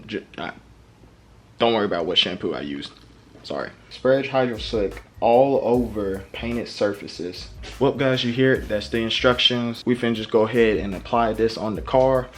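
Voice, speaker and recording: A young man talks easily through a car-detailing review, his voice sitting on the low side. His delivery is loose and chatty, full of informal slang. Soft music plays faintly behind him. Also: normal speed. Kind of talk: casual product review vlog.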